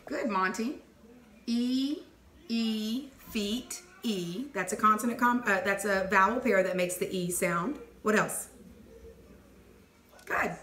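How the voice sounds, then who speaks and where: A woman teacher leading a phonics dictation lesson, clearly sounding out letters and words and praising answers. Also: medium pitch, takes it slowly, pauses often, bright, forceful tone. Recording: echoey room with faint noise.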